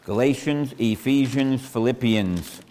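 A man's voice: medium pitch, measured pace, dark tone. A man preaching a sermon as pastor in a church, folksy and repetitive, asking the congregation questions. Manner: folksy, asks the congregation questions, repeats phrases. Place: church sanctuary. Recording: long hall reverb.

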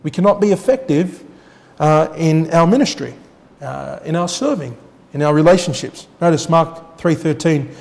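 A male pastor preaching a sermon with emphatic swings between loud declarations and quiet asides, often putting rhetorical questions to the congregation. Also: normal speed, creaky, long reverb tail. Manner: emphatic, rising to loud declarations then dropping low.

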